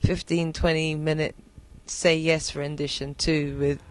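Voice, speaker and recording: A woman's voice: low voice, flat delivery, measured pace, darkish tone. Reflective British-accented woman guest. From London. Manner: reflective, hesitant with fillers and restarts. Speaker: singer and poet, guest. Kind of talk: relaxed interview conversation.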